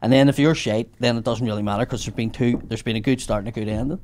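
A man's voice: mid-range voice, fast, a little hiss or hum. A man, a comedian telling sweary stories in casual podcast chat. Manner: animated, sweary storytelling.

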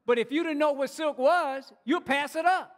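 A man's voice: extremely high pitch, moderate pace, fairly bright tone, long reverb tail. A male pastor preaching a sermon, urging his congregation on and often restarting and repeating words as he speaks.

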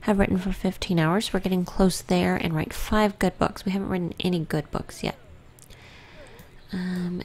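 A woman casually commenting on her own gameplay, often dropping to a soft whisper. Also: lowish voice, fairly even intonation, normal speed. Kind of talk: casual let's-play commentary.

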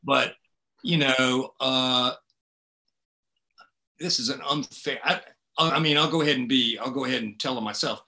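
Bright-voiced, wry South Carolina man. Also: medium pitch, unhurried, long pauses. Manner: wry, folksy, jokey. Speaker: fellow writer interviewing. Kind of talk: casual conversation.

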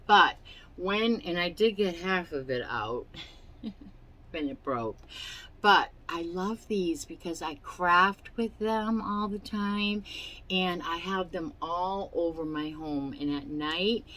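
A woman's voice: on the low side, animated, takes it slowly, a bit bright, rough recording. A woman hosting a casual crafting vlog at home, showing products in a chatty, rambling way, with fillers and hiccups. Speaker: crafting channel host. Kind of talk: casual product show-and-tell. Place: her home.

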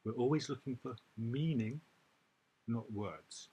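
A man's voice: lowish voice, a little slow, long pauses, slight background noise. A male teacher giving an exam-prep reading lesson, who explains step by step and stresses key points. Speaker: IELTS teacher.

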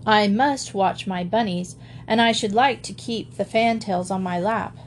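A woman's voice: mid-range voice, slight background noise, lightly acted. A woman voicing a small, self-assured boy who fusses over his pets in a storybook. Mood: earnest. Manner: brisk, excited, self-assured.

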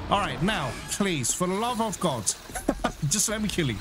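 Excitable man narrating his gameplay. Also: sits high, measured pace. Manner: excitable, swears and shouts at enemies. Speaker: gaming channel host. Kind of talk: casual let's-play commentary. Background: loud game music.

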